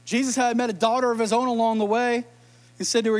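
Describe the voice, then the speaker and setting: A man's voice: very high voice, flat delivery, fast talker. A middle-aged man preaching a sermon, retelling scripture with playful jokes and asides. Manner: playful, joking storyteller. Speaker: pastor.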